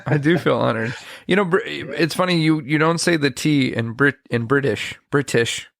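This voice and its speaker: A man's voice: fairly high pitch, moderate pace, creaky, a bit bright, no echo, studio quality. An American man hosting a podcast, teasing his guest playfully and laughing often. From United States. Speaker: podcast host, magician. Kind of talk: casual podcast chat.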